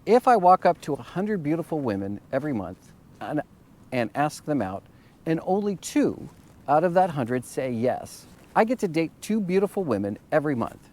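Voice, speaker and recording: A man doing a bold young smooth talker. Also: a little high, big pitch swings, normal speed, a little mellow, voice pushed up. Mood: confident. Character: bold, smooth-talking young male coworker.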